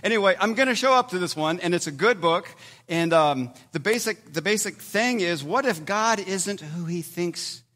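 A man preaching a sermon in a conversational way, with sudden loud emphatic bursts between quieter stretches. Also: sits high, lively intonation, normal speed. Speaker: pastor.

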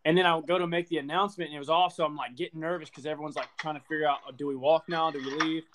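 A man's voice: on the high side, steady tone, rapid-fire, fairly bright tone, slight background noise. A man on a podcast telling a funny story in a casual, laughing way. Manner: laughing storyteller, says dude a lot. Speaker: podcast co-host. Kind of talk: casual chat.

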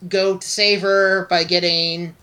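A woman's voice: lowish voice, level tone, takes it slowly, sharp tone. A woman co-hosting a podcast, chatting casually about anime with wry, skeptical remarks. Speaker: podcast co-host. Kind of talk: casual chat reviewing anime.

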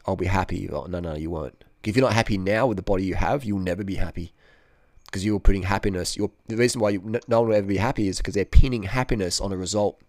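A man speaks in a low, close, dry-sounding voice. He chats loosely as a guest, circling back on his points and filling gaps with "you know". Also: no room sound. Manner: rambling storyteller, many repeats and "you know". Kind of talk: casual conversation.

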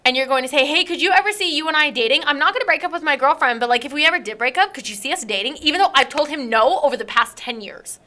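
A woman's voice: high-pitched, expressive, fast, hardly any pauses, sharp tone. A young woman hosting a casual chat, telling an indignant story and acting out text messages.

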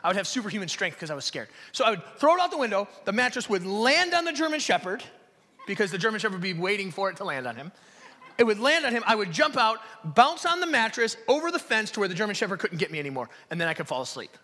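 A male pastor preaches live in a church hall, his high voice moving fast as he tells stories animatedly and then drops into hushed, almost whispered emphasis. The large hall gives the recording a long reverb.

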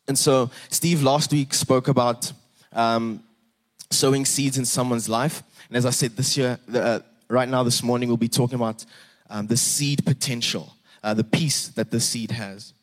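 A young South African man delivers a sermon in easy, conversational English. His delivery is casual, full of small restarts and rhetorical "right?" asides to the congregation, with a pitch sitting right in the ordinary middle for a man. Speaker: preacher.

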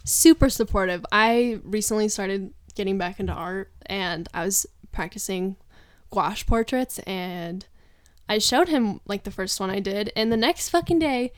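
A woman's voice: medium pitch, unhurried, clear, resonant tone, dry recording. A young woman chatting casually with a friend, laughing often and swearing freely. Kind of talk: casual chat.

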